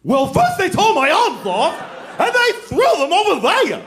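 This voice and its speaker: Guy putting on a whiny high scarecrow dude, way over the top, slow and stretched, echoey club with people laughing. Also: wildly swooping pitch, a bit bright, a little hiss or hum, exaggerated voice. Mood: wailing. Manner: high, drawn-out, theatrical whine. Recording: roomy club, crowd laughter.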